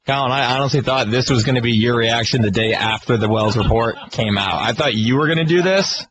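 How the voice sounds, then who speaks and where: A man's voice: medium pitch, brisk, background noise. A man co-hosting a sports radio show, wry and teasing. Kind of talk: sports talk banter.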